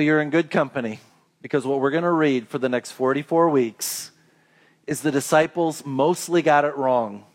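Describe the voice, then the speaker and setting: A man preaching a sermon as a pastor, telling a story with lively crowd voices before growing quiet and earnest. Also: mid-range voice.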